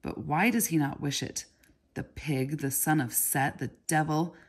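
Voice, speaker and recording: A woman's voice: low-pitched, measured pace, husky, full character voice. A woman reading aloud voices a sullen young male goldsmith apprentice who speaks curtly and resentfully. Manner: curt and resentful.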